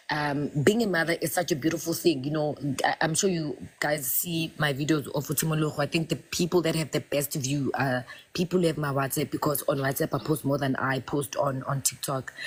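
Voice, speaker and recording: A woman, talking in a casual, expressive way on a live chat show and mixing local words into English. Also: low voice, breathy edge.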